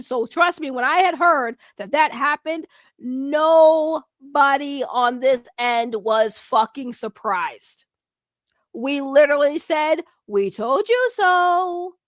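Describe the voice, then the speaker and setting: High-voiced woman in animated commentary. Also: dry recording, studio quality. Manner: animated, profane, laughing, incredulous. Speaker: YouTube commentator. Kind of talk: casual commentary chat.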